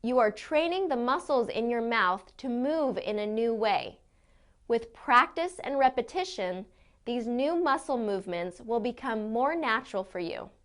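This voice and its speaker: Woman, pronunciation teacher, scripted lesson narration, clear deliberate delivery, somewhat high voice. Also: expressive, fairly bright tone. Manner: clear, deliberate modeling of sounds.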